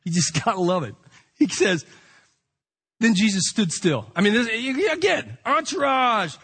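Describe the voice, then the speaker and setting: A man preaching an animated sermon, acting out the shouting beggar and the crowd. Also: high voice, measured pace, slightly rough. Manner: dramatic, acts out the shouting beggar.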